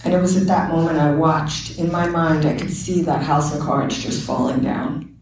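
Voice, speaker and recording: A woman's voice: sits low, fairly even intonation, moderate pace, a little mellow, a little hiss or hum. A woman giving a candid, earnest personal testimony at a recovery meeting. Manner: candid, earnest storytelling with quoted dialogue. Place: meeting room. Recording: very echoey room, speaker far from mic.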